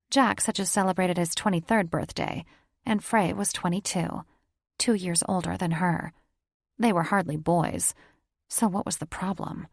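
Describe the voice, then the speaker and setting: A woman reading a paranormal romance audiobook as narrator in steady storytelling. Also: lowish voice, vocal fry, no echo, studio quality. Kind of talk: scripted narration.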